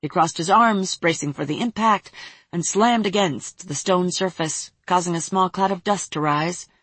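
Woman reading a fantasy story, steady, kinda husky, dry close mic. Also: on the low side, moderate pace, no echo. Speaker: narrator.

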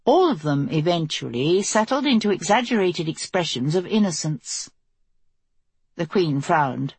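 A woman reading a fantasy novel aloud as the narrator, in a steady, measured way. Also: on the low side, husky, no room sound. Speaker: audiobook narrator.

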